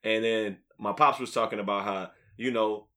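A man's voice: on the low side, steady tone, moderate pace, sharp tone. A man from Louisiana, hosting a podcast in loose, rambling chat full of repeated words. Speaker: podcast host. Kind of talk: casual chat.

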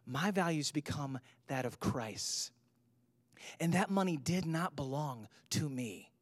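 A man's voice: fairly high pitch, animated, slow, dry recording. A man in his thirties, a pastor giving a sermon, telling a personal story with humor and rising to emphatic points.

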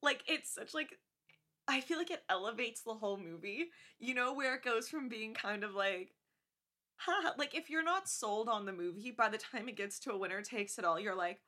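Young woman, podcast co-host: high, bright, bubbly movie gushing. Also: moderate pace. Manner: gushing, animated, acts out movie lines in high voices. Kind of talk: casual chat.

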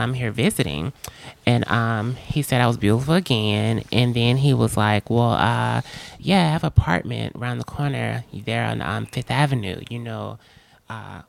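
A woman from Alabama, co-hosting a casual podcast and telling stories with lively acted-out quotes. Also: rumbling low, gravelly, no room sound. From Alabama, USA. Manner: animated storytelling, acts out quotes. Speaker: podcast co-host. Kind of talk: casual chat.

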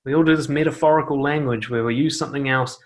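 A fast-talking man with a steady, mid-range voice sits indoors on a noisy chair and gives the camera blunt, casual advice about dating. He swears freely and acts out the voices of those he's quoting.

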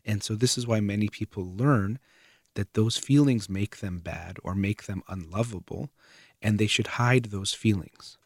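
Man, low voice, measured explainer tone, earnest, dry close sound. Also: breathy edge, dry recording. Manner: calm, measured, earnest, trailing off softer at phrase ends. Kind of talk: explanatory talk to camera.

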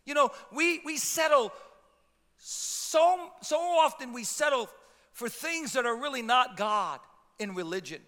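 High, bright-voiced pastor preaching in a reverberant hall. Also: male voice, animated, measured pace. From Italian heritage. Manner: impassioned, repetitive stammering restarts. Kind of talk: sermon.

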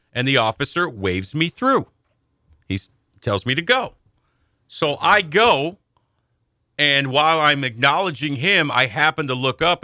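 A man co-hosting a sports radio show, telling stories in an animated way and acting out the voices in them. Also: medium pitch, no room sound, clean studio sound. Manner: animated storyteller, acts out shouting voices in anecdotes. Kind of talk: casual sports talk storytelling.

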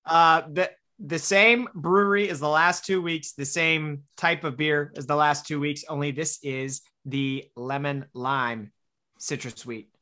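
Bright, easygoing male co-host. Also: on the high side, steady tone, measured pace. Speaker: podcast co-host. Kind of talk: casual chat.

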